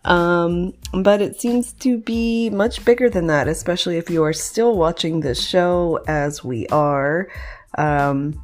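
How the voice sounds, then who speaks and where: A woman's voice: on the low side, slow. A woman hosting a podcast in casual chat, talking in a loose, chatty way with many fillers and restarts. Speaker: podcast host.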